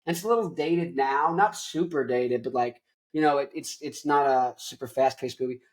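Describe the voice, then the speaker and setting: A man's voice: mid-range voice, normal speed. Rambling young man ranting about movies. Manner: animated and rambling, full of "like". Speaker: host. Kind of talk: casual movie rant.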